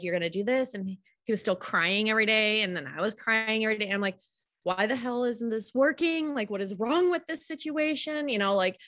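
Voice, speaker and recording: A woman's voice: mid-range voice, fairly bright tone. Earnest woman guest, homeschooling mom. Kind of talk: casual chat on a live call.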